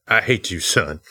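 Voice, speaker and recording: A man's voice: lowish voice, sharp tone, husky, heavily acted. Man putting on a drawling Southern dad. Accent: US Southern (put on). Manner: slow drawling insults. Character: angry scornful Southern dad, middle-aged man.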